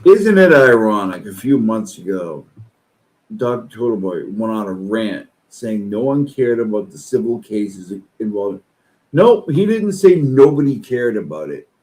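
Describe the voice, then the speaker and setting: Swearing man, slow delivery, lively swooping pitch, angry rant. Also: low-quality recording. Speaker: streamer reacting to online posts. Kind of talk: profane reaction commentary.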